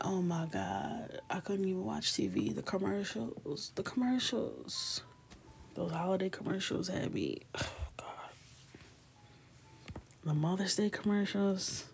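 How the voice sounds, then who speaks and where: A woman in her thirties hosts a live coloring stream in a fairly low, gravelly voice with lively intonation, unhurried and pausing often. She chats casually and laughs with viewers, soft-spoken and frequently whispering, over a noisy background.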